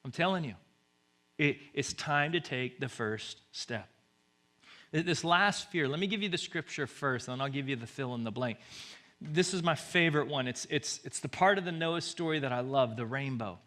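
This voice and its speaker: Bright-voiced pastor preaching, loud then hushed. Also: male voice, lively intonation, normal speed. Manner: swings from booming reading to hushed, soft-spoken appeals; stumbles and repeats words when pressing a point. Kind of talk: sermon.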